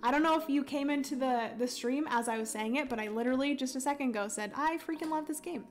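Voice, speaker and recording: A woman's voice: sits high, fast. A young adult woman hosting a board game livestream, chatting casually, reading viewer comments aloud and explaining rules with frequent ums. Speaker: livestream host playing a solo board game. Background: faint background music.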